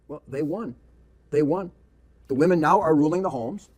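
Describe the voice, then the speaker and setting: Emphatic preacher man, slightly high voice. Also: normal speed, pauses often, darkish tone. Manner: emphatic, rhetorical questions, repeats phrases. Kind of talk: preaching lecture with read-aloud quotations.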